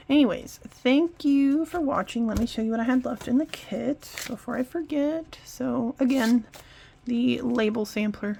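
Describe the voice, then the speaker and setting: A woman's voice: fairly high pitch, vocal fry, darkish tone, a little hiss or hum. A woman vlogger chatting casually and rambling while she decorates her planner. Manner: chatty, rambling, self-interrupting.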